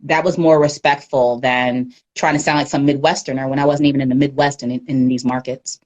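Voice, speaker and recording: Through a phone or webcam mic, a woman with a deep, low voice gives a candid livestream interview as a guest media professional. She speaks a little fast, animated and unguarded, laughing often.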